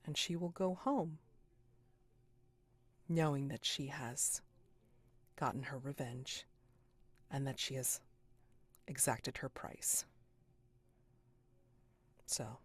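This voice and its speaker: Game master, woman: slow, deliberate narration, hushes for suspense, dry close mic. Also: a bass voice, fairly even intonation, slightly rough, dry recording. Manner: deliberate, unhurried, dropping to a hush for suspense.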